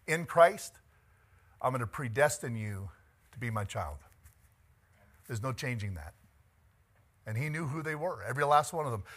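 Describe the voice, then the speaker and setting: A man's voice: medium pitch, pushed and bright. A middle-aged man preaching a conversational sermon as pastor, chatty and joking, laughing often and moved by the text.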